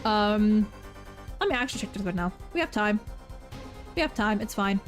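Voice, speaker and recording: A woman's voice: mid-range voice, animated, normal speed. A young woman streaming a game, chatting casually, swearing freely and stumbling over repeated words, with faint game music behind her. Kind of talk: casual gaming commentary while voicing game dialogue.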